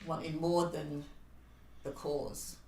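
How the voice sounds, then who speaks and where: A woman's voice: sits low, little pitch movement, takes it slowly, warm tone. Chatty middle-aged woman in a roomy echo. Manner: chatty, laughing, storytelling. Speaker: co-host. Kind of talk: casual live-stream chat.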